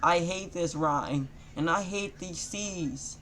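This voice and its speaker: A man voicing a brash, boastful young male ninja who breaks into loud shouts and clumsy rhymes. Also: fairly high pitch, takes it slowly, pitched above the performer's own voice. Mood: shouting. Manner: shouty bursts, loose rhyming.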